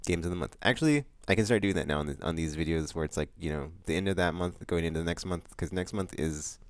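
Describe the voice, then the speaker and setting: Deep-voiced man rambling casually. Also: quick pace, dry recording. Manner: loose, rambling, many fillers and restarts; excitable outbursts about upcoming games. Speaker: vlog host. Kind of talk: casual rambling monthly vlog chat.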